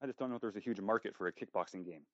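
A man's voice: on the low side, no echo, muffled recording. A man in casual podcast chat, joking and swearing freely as he talks. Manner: profane, joking, quick-talking.

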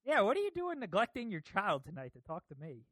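A man's voice: high voice, huge pitch swings, brisk, a bit bright, no room sound. A man hosting a casual podcast chat, laid-back and laughing often. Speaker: podcast host.

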